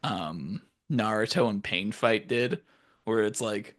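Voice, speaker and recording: A man co-hosting a podcast in casual chat, animated and profane, acting out scenes in silly voices. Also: on the low side, takes it slowly, no echo. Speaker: podcast co-host.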